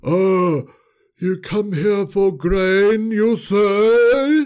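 A woman voicing Joseph, a grown man who goes from squealing joy to a gruff disguised voice and back. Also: drawn-out words, darkish tone. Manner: swings from gushing squeals to a put-on booming voice. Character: Joseph, grown man turned Pharaoh's theatrical manager.

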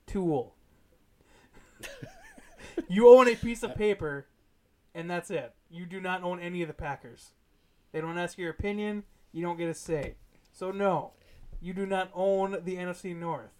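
A man with a slightly high voice co-hosts a casual sports talk show. He is blunt and teasing, and he hammers his points home with emphasis. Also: fairly even intonation, normal speed. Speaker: podcast co-host.

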